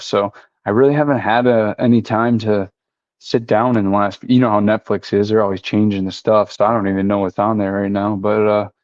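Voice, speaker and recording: A man with a lowish, darkish voice appears as a podcast guest in a laid-back, casual chat, leaning heavily on "you know" and "like." The audio is dry, dull and lo-fi.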